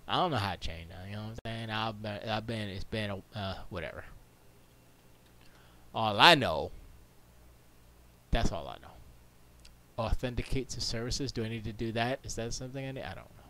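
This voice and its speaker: A man's voice: fairly low pitch, normal speed, long pauses, sharp tone, slight background noise. A man streaming from his home studio, rambling to himself in casual chatter while setting up. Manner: rambling, talks to himself, mutters and jokes.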